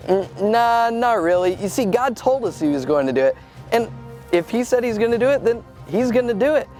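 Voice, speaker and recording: A performer playing a friendly, faithful male lion in a children's skit, talking in a relaxed and hesitant, jokey way. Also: medium pitch, a little fast, soft background music, natural voice. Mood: easygoing. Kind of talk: comedic skit acting.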